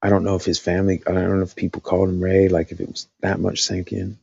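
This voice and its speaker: Low husky guy rambling on a stream, dry throat, close dead mic. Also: completely flat delivery, quick pace, a little mellow, dry recording, lo-fi sound. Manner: rambling, thinking aloud with many fillers. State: dry-voiced after talking all night. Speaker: live stream host. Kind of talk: casual live stream chat.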